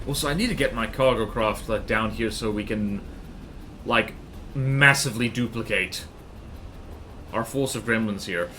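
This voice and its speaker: A man's voice: mid-range voice, normal speed, sharp tone, slight background noise. A man streaming a game, chatting casually and thinking aloud while he plays. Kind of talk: casual gaming stream chat.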